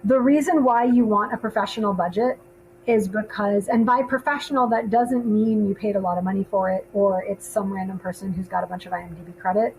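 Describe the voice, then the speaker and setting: A woman's voice: mid-range voice, steady tone, a little fast, gravelly, a little mellow, slight background noise, poor audio. A woman in her thirties, a filmmaker co-hosting a podcast, chatting casually with lots of ums. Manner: chatty, laughs often, many ums. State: hiccups. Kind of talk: casual panel chat.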